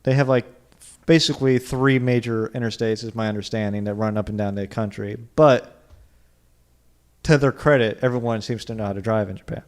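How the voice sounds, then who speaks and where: A man's voice: fairly low pitch, brisk, clear, resonant tone. A man co-hosting a car podcast in casual chat, rambling with lots of fillers. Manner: rambling, lots of "like", puts on silly accents. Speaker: podcast co-host.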